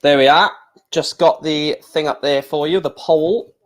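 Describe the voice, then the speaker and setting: A man hosting a live stream, chatting casually and excitedly to his viewers. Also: on the high side, unhurried.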